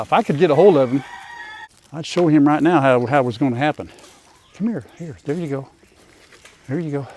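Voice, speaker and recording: A man's voice: on the high side, darkish tone, a little hiss or hum. Folksy older man talking to chickens. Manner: folksy rural drawl, talks to his animals. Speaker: farm vlogger. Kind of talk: casual farm vlog. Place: outdoors in a chicken coop.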